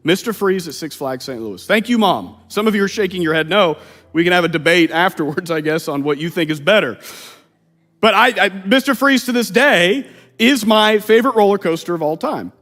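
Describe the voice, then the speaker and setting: Thirties male pastor from Missouri, bright high register, humorous sermon storyteller, recorded in a big echoing sanctuary. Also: normal speed. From Missouri, USA. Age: 30s. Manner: lively, humorous storytelling with playful asides. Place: church sanctuary. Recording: long reverb of a church hall.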